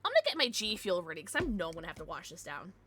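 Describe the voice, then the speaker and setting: A young adult woman streamer chatting casually with her viewers, with excited outbursts. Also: on the low side, racing, a little hiss or hum. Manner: chatty, answers viewers, bursts of excited squeals. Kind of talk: casual live-stream chat.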